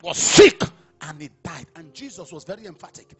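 A man with a Nigerian accent preaching a sermon, swinging from quiet murmurs to loud shouting. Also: a little high, sing-song, moderate pace. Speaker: apostle preaching.

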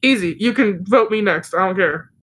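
A woman's voice: medium pitch, moderate pace, a bit bright. A young woman chatting during an online game, carefree and offhand, often laughing. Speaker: gaming channel host. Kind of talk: casual gameplay chat.

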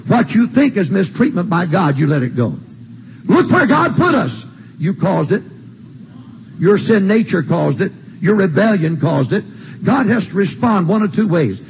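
A man's voice: sits high, lively intonation, normal speed, a little mellow, breathy edge, poor audio. An older man preaching a sermon, folksy and emphatic, repeating his points. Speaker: pastor. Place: church sanctuary.

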